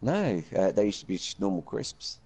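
A man's voice: on the low side, very animated, moderate pace, darkish tone, slight background noise. A man livestreaming a video game, chatting in a friendly way with friends and viewers over a headset. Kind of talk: casual gaming chat.

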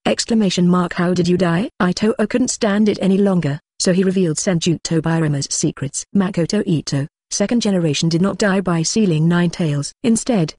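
A text-to-speech audiobook narrator with an even, mechanical delivery who reads punctuation marks such as "question mark" aloud. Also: mid-range voice, dry recording, studio quality.

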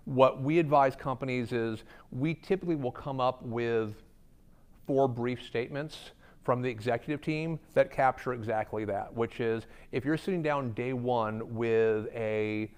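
A man's voice: mid-range voice, measured pace, a little mellow, clean tone. A man speaking as a guest at a company talk, answering audience questions in a candid, conversational way with frequent ums. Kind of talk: conference Q&A talk. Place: company event room.

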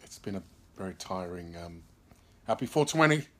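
A tired man from Birmingham, an actor in a laid-back live-stream chat, reading out viewer comments into a phone he holds, often clearing his throat and trailing off with ums. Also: sits low, animated, moderate pace. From Birmingham, England. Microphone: phone held in hand.

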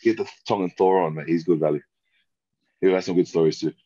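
Deep husky Australian man, laid-back. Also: fairly even intonation, fast, warm tone, dry recording. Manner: laid-back, rambling, says "mate" constantly. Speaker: guest rugby player. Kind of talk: casual podcast chat. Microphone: remote call. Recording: dull lo-fi call audio.

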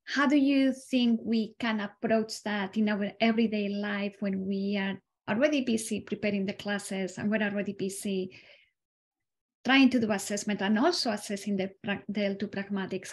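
A woman from the audience asking a measured, thoughtful question about teaching. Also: medium pitch, fairly even intonation. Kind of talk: question at a lecture.

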